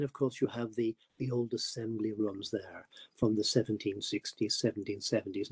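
Older historian, husky and mellow, dry close sound, lecturing with wry asides. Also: male voice, lowish voice, dry recording. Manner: discursive, dry asides, frequent ums. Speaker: historian giving a public talk.

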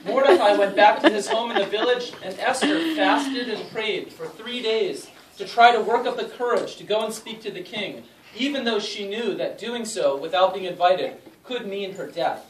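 In a school room, a woman teacher with a mid-range, lively voice narrates a school play, reading each line aloud for the children to repeat. She keeps a moderate pace with hardly any pauses while a crowd murmurs behind her, and the distant mic picks up an echoey room and faint noise.

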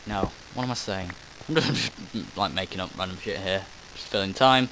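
Background noise runs under this low-voiced gaming commentator as he talks at a normal speed with hardly any pauses. He wanders through remarks on his recorded gameplay, cutting himself off, forgetting his point and cursing casually.

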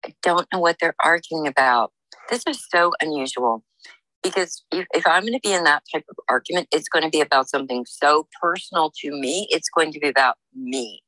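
A woman working as a psychic medium, giving a reading in a halting, searching way with many fillers and restarts. She speaks in the first person as the people she senses. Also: sits low, bright, forceful tone, no room sound, rough recording. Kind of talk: intuitive reading monologue.

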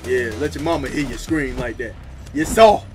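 A man's voice: medium pitch, expressive, moderate pace. A man hosting a gaming video, giving brash, slangy, trash-talking commentary as he plays, laughing often. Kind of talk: live gameplay commentary. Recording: loud game music behind voice.

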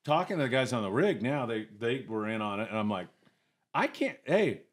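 Quick and on the low side, the voice belongs to an older retired commercial fisherman chatting casually on a podcast. He's an animated storyteller, voicing other people's lines loudly as he goes.

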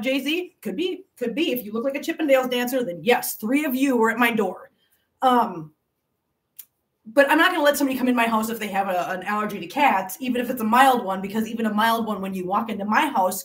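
A woman hosting a cat channel live stream, telling a long story to viewers in a chatty, animated way and laughing often. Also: on the high side, brisk, far from the mic.

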